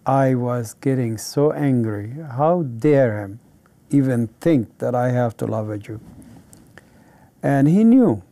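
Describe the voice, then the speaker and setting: A man's voice: mid-range voice, lively intonation, takes it slowly, warm tone. A middle-aged man from Palestine, telling his personal testimony in an earnest, vivid way. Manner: earnest, vivid storyteller who acts out quoted dialogue. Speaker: interviewee giving a testimony.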